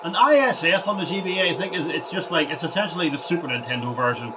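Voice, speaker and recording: A man chats over his gameplay in a loose, rambling way, tripping over and repeating his words as he goes. His voice sits fairly high. The recording sounds dull and lo-fi, with a clear hiss of noise underneath. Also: animated, fast talker. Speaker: gaming vlogger.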